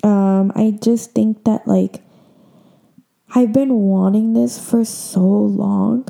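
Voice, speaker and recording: A young woman in her twenties hosts a podcast in a loose, chatty way, full of fillers and open feeling. Her voice sits at a middle pitch but sounds very dark and mellow, with a steady gravelly fry running under her words. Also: takes it slowly. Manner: emotional, chatty, many fillers. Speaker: podcast host. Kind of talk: casual chat.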